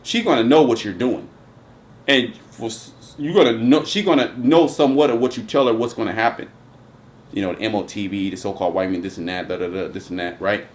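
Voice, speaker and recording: A man's voice: on the low side, brisk. A man hosting a casual religious commentary chat, talking emphatically and profanely with lots of restarts. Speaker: host.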